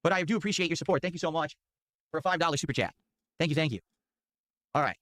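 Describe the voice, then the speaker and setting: A man's voice: a little high, quick pace, fairly bright tone, dry recording. A man streaming, reacting to video clips with incredulous, sarcastic commentary and plenty of swearing.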